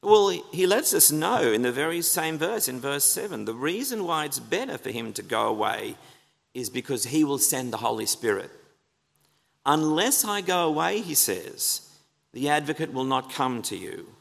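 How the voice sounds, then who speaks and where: A man's voice: fairly high pitch, very animated, normal speed, vocal fry, fairly bright tone. A man preaching an earnest, emphatic sermon in a church, asking the congregation rhetorical questions. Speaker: pastor. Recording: long reverb of a church hall.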